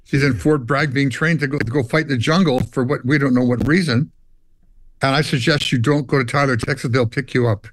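A man's voice: medium pitch, fairly quick, a little hiss or hum. A man in his seventies from Canada, a musician guest telling long stories in an interview and acting out the dialogue. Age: older. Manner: animated storyteller, acts out dialogue and hums riffs. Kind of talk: storytelling interview.

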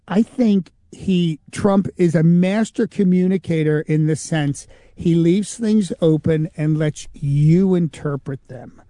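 A man whose voice is on the high side, recorded at studio quality with no echo, works as a comedian and impersonator. During an interview he tells anecdotes with lots of energy, doing the voices of those he quotes.

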